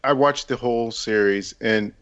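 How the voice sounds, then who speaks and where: A man's voice: mid-range voice, normal speed, a bit bright, a little hiss or hum. A man co-hosting a podcast, giving a casual review and repeating words before his points. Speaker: podcast co-host. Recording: dull lo-fi mic.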